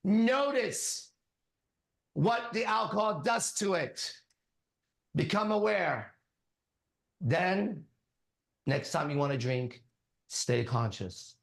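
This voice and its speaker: A man's voice: high voice, expressive, takes it slowly, creaky, long pauses. A man preaching as a spiritual teacher, emphatic and commanding, hammering on repeated phrases. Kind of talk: preaching to a listener. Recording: echoey room.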